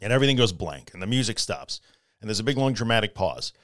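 A man's voice: lowish voice, big pitch swings, fast talker, fairly bright tone, no room sound, studio quality. A middle-aged man hosting a solo podcast, talking casually but earnestly and repeating his key phrases for emphasis. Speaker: podcast host.

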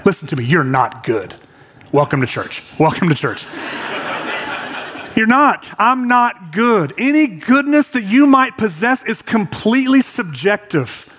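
Animated high-voiced man preaching. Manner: animated, conversational preaching with stammered repeats. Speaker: pastor. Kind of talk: sermon.

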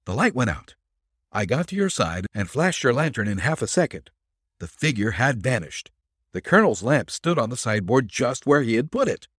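A man reading a detective story aloud, voicing an excitable young male sidekick who tells his tale eagerly and with emphasis. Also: medium pitch, normal speed, breathy edge, dry recording, clean studio sound, pitched above the performer's own voice. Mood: excited.

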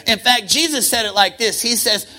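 A male pastor preaching a sermon, rhythmic and impassioned, with fast runs, slow drawn-out emphasis and calls to the congregation. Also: very high voice, pushed and bright, rough recording. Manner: swings from quick talk to slow, drawn-out emphasis.

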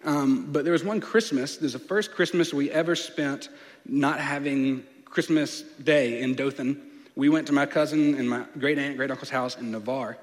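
A man, preaching a sermon as a playful, animated storyteller. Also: mid-range voice, normal speed. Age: late 20s. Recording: long reverb of a large hall.

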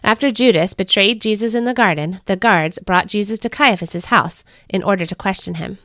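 A woman's voice: medium pitch, normal speed, fairly bright tone, no echo, clean studio sound. Woman narrating a family devotional. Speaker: podcast host reading a devotional. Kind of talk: scripted storybook narration.

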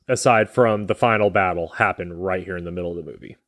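A man co-hosting a casual podcast about a movie, talking in a rambling, halting way with restarts, sometimes getting emotional. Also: on the low side, fairly even intonation, no room sound, studio quality. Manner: gets emotional in places. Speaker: podcast co-host.

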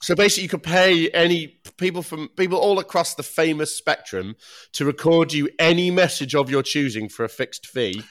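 A man's voice: on the high side, fairly quick, fairly bright tone. A man co-hosting a podcast, chatting casually with swearing and banter. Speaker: podcast co-host. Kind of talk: casual chat.

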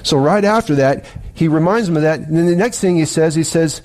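A male pastor preaching a sermon in a church, retelling scripture in slow, emphatic phrases. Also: a little high, a little mellow. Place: church sanctuary.

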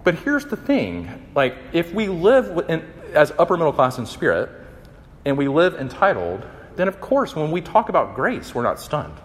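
A young man giving a conversational, animated sermon, acting out the quotes. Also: fairly high pitch, moderate pace. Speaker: campus minister. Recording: long hall reverb.

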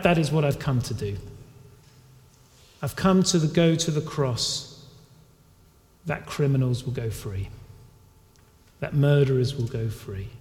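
A man voicing Jesus as calm and self-giving, speaking softly and earnestly, his voice lower and quieter than when he preaches. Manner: soft, low and earnest. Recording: echoey hall with long reverb.

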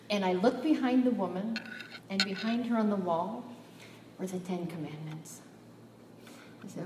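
In an echoey hall, a woman preaches a sermon, recorded from far off with faint ambience and background noise. Her medium-pitched voice moves at a moderate pace with frequent pauses as she tells a personal story, acts out the dialogue, and rises to emphatic peaks.

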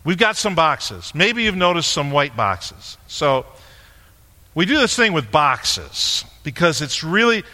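Male pastor, high bright voice, chatty sermon with asides to a helper, long hall reverb. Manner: conversational, joking aside with a helper on stage. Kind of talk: sermon with props. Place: church sanctuary.

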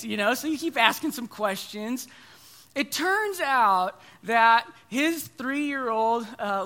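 A man's voice: high voice, sharp tone. A man in his thirties preaching a sermon, telling stories in a conversational, self-deprecating way.

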